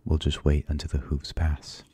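Style: whispered role-play. Figure: a man softly voicing a stubborn young boy. Quality: deep, hushed, husky. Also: monotone, moderate pace, no echo, exaggerated voice. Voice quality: soft, hushed.

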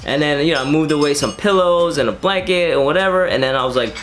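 A man in his thirties telling a personal story in a rambling, casual way, full of fillers and relaxed slang. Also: a little high, fast, music in the background. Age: 30s. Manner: rambling, filler-heavy, laid-back slang. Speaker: reptile keeper and vlogger.

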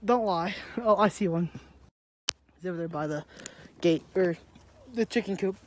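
A woman's voice: on the low side, normal speed, a little hiss or hum. A woman chatting casually in a vlog from her backyard garden, rambling and laughing often. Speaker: vlogger.

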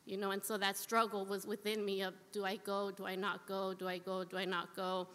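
This woman offers heartfelt testimony at a church service, earnest and repeating phrases for emphasis. Her medium-pitched voice is monotone and fairly bright, moving a little fast. The church hall is echoey with a long reverb.

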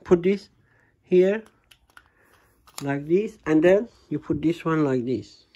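A man talking to his small daughter at home in a home vlog, patient and gently coaxing, in simple broken English. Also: a little high, animated, takes it slowly, long pauses, highs cut off. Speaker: father filming his young daughter. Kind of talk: casual home vlog talk to a child.

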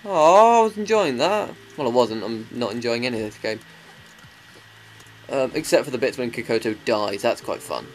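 A man's voice: mid-range voice, fairly even intonation, normal speed, long pauses, soft background music. A man giving crude, sarcastic commentary while playing a video game. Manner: crude, sweary, sarcastic ranting. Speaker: let's play commentator.

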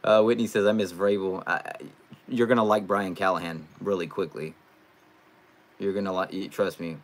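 Chatty lower-voiced man on a live stream. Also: normal speed. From California. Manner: loose and chatty, with bursts of loud excitement. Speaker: live streamer, sports fan channel host. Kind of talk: casual live stream chat, reading comments.

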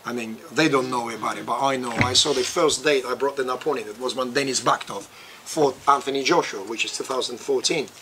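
A man in his forties speaks with a strong Russian accent, his voice loud and animated, and he laughs easily. His pitch sits in a middle range. He talks casually in an interview, and a clear hiss of noise runs under the recording. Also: fairly quick, few pauses. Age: 40s. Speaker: boxing promoter.

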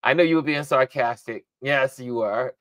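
A man's voice: mid-range voice, normal speed, fairly bright tone, no room sound, clean studio sound. A man hosting a casual livestream, rambling and thinking aloud with frequent laughter. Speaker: livestream host.

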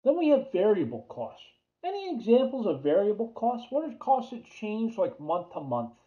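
A man's voice: high-pitched, wildly swooping pitch, moderate pace. A man with a New York accent giving a chatty accounting lecture, repeating key terms and putting questions to the class. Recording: dull lo-fi lecture audio.

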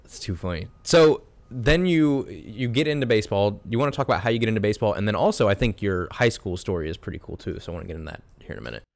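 A man's voice: on the low side, expressive, quick pace, creaky, few pauses. A man co-hosting a podcast, asking questions eagerly in a casual interview. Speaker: podcast co-host.

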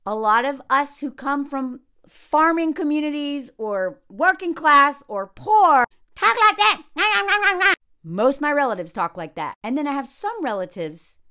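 Woman vlogger reacting to reality TV, blunt and sarcastic; high, animated voice with big pitch swings. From US South. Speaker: reality TV commentator. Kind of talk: casual reaction commentary.

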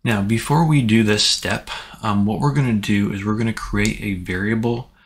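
A man hosting a tech tutorial, giving relaxed, plain step-by-step instructions in a casual way. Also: on the low side, moderate pace.

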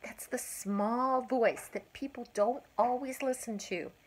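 A woman's voice: fairly high pitch, takes it slowly, husky. An older woman voicing a small, caring male cricket in a storybook, speaking earnestly and urgently.

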